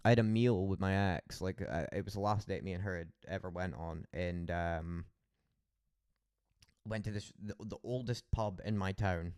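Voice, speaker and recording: A man's voice: deep voice, normal speed, darkish tone, smooth, no echo, clean studio sound. A young Scottish man rambling through stories on a late-night stream, swearing a lot and laughing often. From Scotland.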